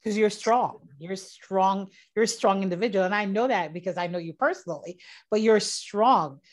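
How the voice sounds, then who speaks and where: A woman with a mid-range voice co-hosts a relaxed conversation. She is lively and laughs easily, often asking follow-up questions. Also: mid-range voice, normal speed. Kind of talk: casual chat.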